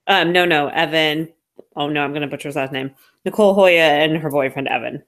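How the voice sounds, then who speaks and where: A woman's voice: low-pitched, fairly quick, a bit bright. A woman co-hosting a podcast, talking in an easygoing, self-deprecating way. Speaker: podcast co-host. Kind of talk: casual chat.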